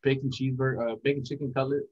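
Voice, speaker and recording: A young man giving a casual interview as a content creator, talking in a relaxed, rambling, reflective way. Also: mid-range voice, very fast, breathy edge. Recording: dull lo-fi sound.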